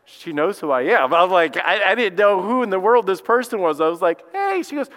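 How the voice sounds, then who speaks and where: High-pitched and brisk, this Alabama man preaches as lead pastor, spinning folksy stories. When excitement builds, his voice climbs, all echoing with long hall reverb.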